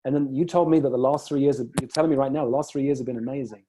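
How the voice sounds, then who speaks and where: Dark-voiced male coach. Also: medium pitch, fairly even intonation, very fast, a little hiss or hum. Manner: reflective, reframes the client's words and tells stories to make a point. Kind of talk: one-on-one coaching conversation.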